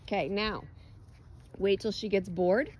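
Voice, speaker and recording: A woman's voice: medium pitch, steady tone, measured pace, rough recording. A woman dog trainer coaching outdoors on a lawn, giving direct, encouraging instructions and explaining her methods.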